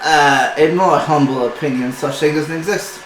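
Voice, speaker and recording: A man voicing a huge male shop apprentice with a blunt, gruff manner who turns eager to please once money comes up. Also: on the high side, moderate pace, close to an everyday voice. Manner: blunt, then fawning when money is offered. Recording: echoey room with some noise.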